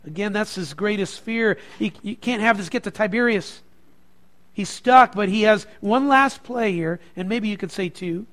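A man preaching a sermon to a congregation, moving from quiet reflection to loud, emphatic passages. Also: high voice, normal speed. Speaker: pastor.

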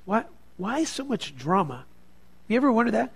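A man preaching a sermon to a congregation, moving from quiet reflection to loud, emphatic passages. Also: high voice, big pitch swings, moderate pace, gravelly, slightly rough. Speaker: pastor.

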